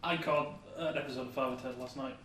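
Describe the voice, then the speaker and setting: A man's voice: medium pitch, steady tone, fast, far from the mic. A man co-hosting a podcast, chatting casually and swearing freely. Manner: sweary, laughs easily. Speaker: podcast co-host. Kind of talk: casual banter. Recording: echoey room, off mic, faint noise.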